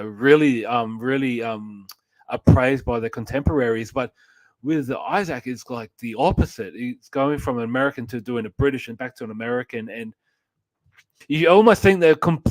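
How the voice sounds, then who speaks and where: A man co-hosting a live online show talks casually and piles on praise. His voice sits at an ordinary middle pitch. The recording is dry and close, with no room echo. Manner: effusive, gushing praise. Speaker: co-host. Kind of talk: casual pop-culture chat.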